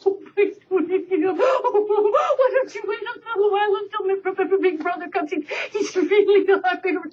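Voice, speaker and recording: A woman's voice: extremely high pitch, moderate pace, recorded from a distance, pitched above the performer's own voice. A woman doing a stammering nervous goat. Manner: stammering, giggly, pleading. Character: nervous middle billy goat who stammers. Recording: dull lo-fi webcam recording.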